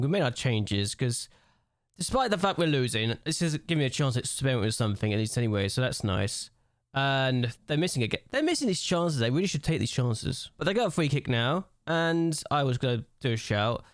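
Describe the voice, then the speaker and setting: A man's voice: medium pitch, no room sound, studio quality. A young man giving let's-play commentary on a football management game at a desk mic. He rants and complains in exasperation at what happens on screen. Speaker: gaming YouTuber.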